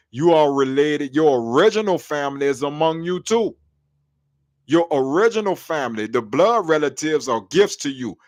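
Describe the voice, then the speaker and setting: A man's voice: medium pitch, no room sound, clean studio sound. A man in his thirties, a podcast host preaching in a slangy street style who keeps checking in with the listener.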